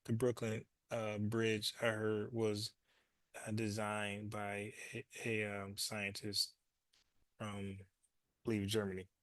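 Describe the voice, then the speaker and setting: A man's voice: lowish voice, completely flat delivery, slow, fairly bright tone, no echo. A man hosting his own show, talking loosely and profanely and doubling back on his words as he explains. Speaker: show host. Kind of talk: casual commentary monologue.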